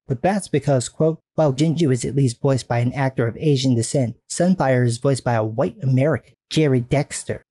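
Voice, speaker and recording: Male commentator, sarcastic and profane, mid pitch, mellow tone. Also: dry recording. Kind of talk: ranting video commentary.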